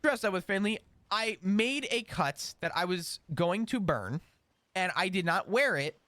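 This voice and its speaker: A man in character on a roleplay server, recounting a string of events in an animated, rambling way. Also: sits high, unhurried, no room sound.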